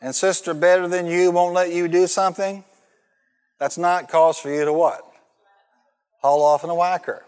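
A man preaching a sermon, telling lively stories and calling on the congregation to repeat lines back to him. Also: sits high, moderate pace, pauses often, clean tone. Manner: animated storytelling with call-and-response. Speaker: pastor. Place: large church hall. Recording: long reverb of a large hall.

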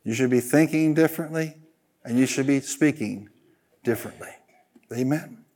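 A man's voice: medium pitch, normal speed, a little mellow. A man preaching a sermon as pastor, driving his points with repeated phrases and leading the congregation in call-and-response.

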